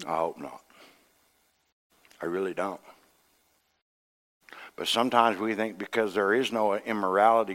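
A middle-aged man, an associate minister, preaching a sermon with folksy humor, acting out dialogue and swinging from hushed tones to loud outbursts. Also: fairly low pitch. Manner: acts out dialogue in quoted voices.

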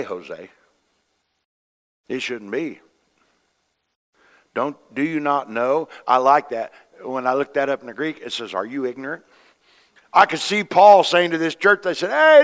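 Folksy animated male preacher. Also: medium pitch. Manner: animated, swings from hushed to loud exclamations. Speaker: pastor. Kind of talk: sermon.

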